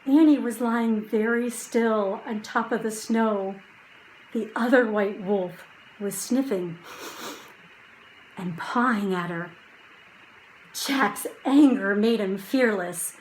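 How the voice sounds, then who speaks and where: A woman reading a children's chapter book aloud, slow and hushed at quiet moments and lifting her voice for drama. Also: mid-range voice, slight background noise, rough recording. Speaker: audiobook reader.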